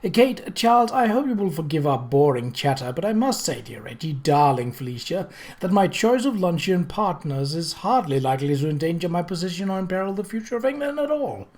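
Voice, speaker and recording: A reader voicing a gracious, clever society hostess who speaks smoothly and with poise. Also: female voice, on the low side, expressive, a little fast, darkish tone, voice pushed up, lightly acted. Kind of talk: audiobook character voice.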